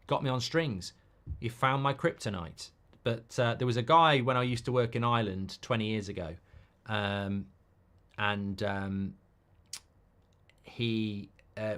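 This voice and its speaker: A man's voice: fairly low pitch, a bit bright. A middle-aged man hosting a live football watchalong, chatting casually and ranting with plenty of swearing. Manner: ranting, sweary, quick to flare up at players. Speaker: host.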